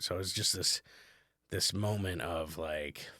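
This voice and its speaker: A man talks into a close mic on his own podcast. His voice sits very low, and the sound is dry. He rambles in an easygoing way, full of "you know" and "like". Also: flat delivery, brisk, bright, forceful tone, no echo. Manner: rambling, conversational, many fillers. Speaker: podcast host, comedian. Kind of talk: casual solo podcast talk.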